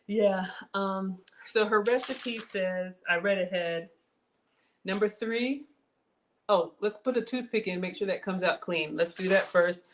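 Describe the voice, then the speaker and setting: A woman's voice: medium pitch, measured pace, a little hiss or hum. Chatty woman hosting a kitchen livestream. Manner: chatty, talks straight to viewers, reads out comments. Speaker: cooking channel host. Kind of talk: live-stream cooking chat. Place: home kitchen.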